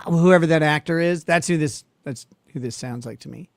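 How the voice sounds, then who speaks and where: A man's voice: a little high, fairly quick. A man hosting live legal commentary, mocking the footage he reacts to and laughing often.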